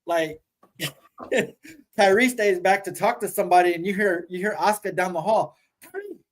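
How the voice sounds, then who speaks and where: Animated man chatting casually. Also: sits high, normal speed, low-quality recording. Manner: animated storytelling, casual swearing. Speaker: podcast co-host. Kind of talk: casual chat.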